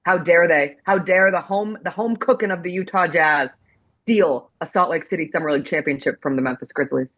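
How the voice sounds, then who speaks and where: A woman's voice: on the low side, brisk, narrow, tinny audio. A woman hosting a sports talk show, chatting casually with playful, dramatic outrage.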